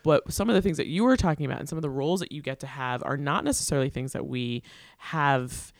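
Gravelly-voiced man speaking hesitantly. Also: medium pitch, no echo, studio quality. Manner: hesitant, many "um" and "uh" pauses. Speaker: teaching artist program leader. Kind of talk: casual conversation.

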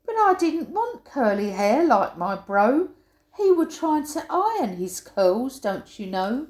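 A woman's voice: on the high side, sing-song, a little slow, darkish tone. An older woman reading her own humorous rhyming poem aloud, giving quoted sayings a playful, punchy emphasis. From England. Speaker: poet. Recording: roomy echo.

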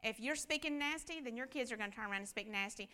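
Bright high-voiced woman teaching Bible class. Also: fast talker, clean tone. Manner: conversational preaching, rhetorical questions.

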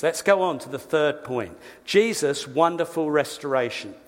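A man preaching a sermon, lively, with quick asides and self-corrections. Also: high-pitched, long reverb tail. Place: church.

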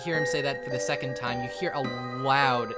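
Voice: mid-range voice, steady tone, a little fast, over loud music. A game master narrating a tabletop game, rambling with many restarts and fillers, often breaking into laughter.

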